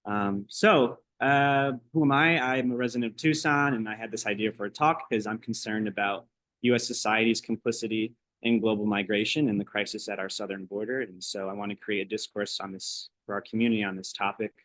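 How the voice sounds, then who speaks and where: A young man moderating a public talk for the first time, speaking in a nervous, halting way with many ums and uhs. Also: fairly low pitch, fairly even intonation, a bit bright, no echo, low-quality recording. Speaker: event moderator. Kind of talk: public talk introduction and questions.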